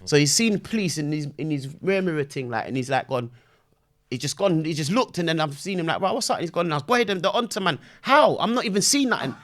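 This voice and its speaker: A young man telling a story in casual chat, full of slang, acting out voices with shouts and sound effects. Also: a little high, lively intonation, quick pace. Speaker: podcast guest.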